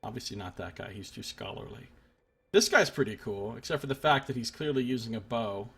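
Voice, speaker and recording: A man's voice: medium pitch, lively intonation, fairly quick, pushed and bright, husky. A young man hosting a game stream, musing aloud in casual, half-mumbled commentary. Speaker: let's play host.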